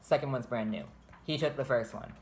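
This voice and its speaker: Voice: medium pitch, fairly quick. A vlogger telling a long personal story in casual storytime chat, rambling, swearing and restarting sentences often.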